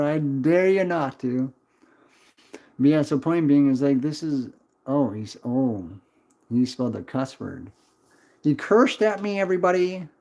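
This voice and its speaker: A man's voice: a little high, darkish tone. A man in his twenties chatting on a casual livestream, rambling, swearing and answering chat. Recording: dull lo-fi stream audio.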